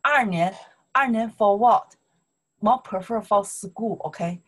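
A woman's voice: medium pitch, fairly bright tone. A woman teaching Mandarin in simple, broken English, checking in with "okay?" again and again. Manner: slow, repeats "okay?" often, broken English. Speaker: Chinese language teacher. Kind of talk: explaining grammar to learners.

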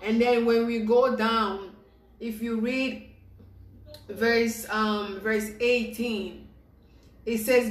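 Excited high-voiced woman preaching in an echoey room. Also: extremely slow, pauses often. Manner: excited, repetitive exhortation with acted-out quotes. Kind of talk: informal devotional sermon.

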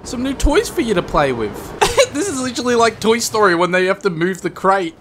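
A man doing excited game commentary, yelling and laughing as he plays. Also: high voice, brisk, noisy background. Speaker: gaming YouTuber. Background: game music.

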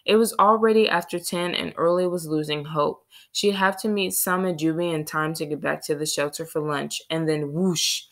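A woman narrating a children's novel in a steady storytelling read. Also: low-pitched, moderate pace, hardly any pauses. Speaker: audiobook reader. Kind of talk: scripted narration.

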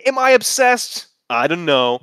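A man's voice: high voice, big pitch swings, a little slow, a bit bright, clean tone, no echo. A man hosting a comedy podcast who reads old forum posts aloud in a laughing, mock-earnest way. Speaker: podcast host.

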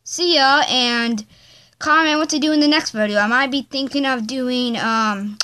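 A woman hosting a casual video from her bedroom, chatting slowly and rambling with fillers as she plays with a phone app. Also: sits high, pushed and bright, smooth. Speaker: video host. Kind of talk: casual chat while playing a phone app.

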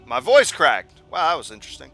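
A young gaming video host gives casual let's-play commentary in a brisk, sing-song, fairly high voice, rambling and repeating himself as he thinks aloud. Game music plays in the background.

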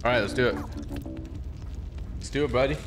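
Music plays behind a young male YouTuber as he rattles off playful let's-play commentary at a brisk clip. His medium-pitched voice jokes about the characters, and he meows along loudly.

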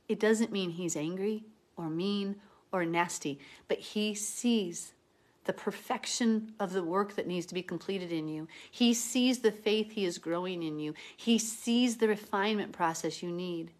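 A woman's voice: medium pitch, a little slow, a little mellow. A woman reading scripture aloud and commenting on it in an earnest, heartfelt, conversational way. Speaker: Bible teacher.

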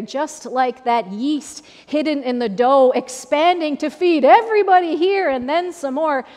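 A woman pastor giving a sermon in a conversational, repetitive preaching style, with an Upper Midwest American accent. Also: high-pitched. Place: church sanctuary. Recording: long church reverb.

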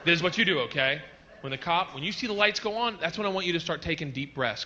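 Loud, bright-voiced male comedian. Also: on the high side, quick pace. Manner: loud, animated storytelling with mock cop voices. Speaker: stand-up comedian. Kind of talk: stand-up comedy bit. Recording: dull lo-fi clip with faint noise.

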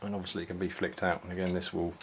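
A man casually walking through a toy set, unhurried, with many ums and restarts. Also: deep voice, little pitch movement, a little hiss or hum. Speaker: toy reviewer. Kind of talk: casual product walkthrough.

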